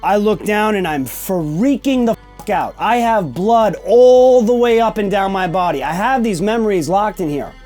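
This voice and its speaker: High-voiced man telling a candid story. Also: lively intonation, normal speed, hardly any pauses, a little mellow, soft background music. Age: 40s. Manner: emphatic, keeps checking in with "okay?"; blunt, swears casually. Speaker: podcast host. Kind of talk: candid personal storytelling monologue.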